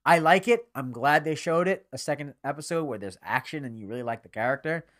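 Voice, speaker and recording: A young man co-hosting a casual anime podcast, animated and profane, often acting out characters' lines. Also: on the high side, brisk. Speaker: podcast co-host. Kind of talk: casual anime review chat.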